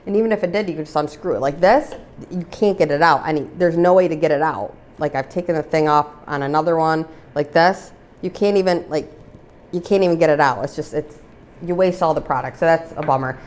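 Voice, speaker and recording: Low-voiced woman chatting casually on her vlog, rambly, lots of "like", gets worked up. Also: a little fast, a little mellow. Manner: chatty, rambling, many "like" fillers; gets heated and exasperated over discontinued products. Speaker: vlogger reviewing used-up products. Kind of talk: casual chat.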